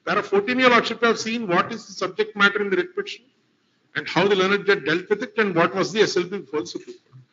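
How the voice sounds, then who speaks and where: Indian male advocate, high-pitched, courtroom argument, dull lo-fi recording. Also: lively intonation, quick pace, sharp tone. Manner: formal, addresses the bench as my lord throughout. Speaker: advocate arguing before a court. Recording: lo-fi courtroom livestream audio.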